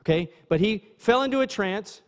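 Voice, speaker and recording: High-voiced pastor preaching in a reverberant church. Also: male voice, moderate pace. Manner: conversational preaching, asides to the congregation. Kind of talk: sermon. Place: church sanctuary.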